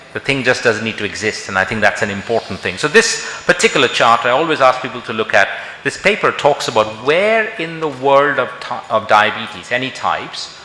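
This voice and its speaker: A man's voice: medium pitch, bright, forceful tone, slight background noise. A middle-aged man from India giving a conference lecture as a doctor, talking in a conversational way full of rhetorical questions. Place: large conference hall. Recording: echoey hall with long reverb.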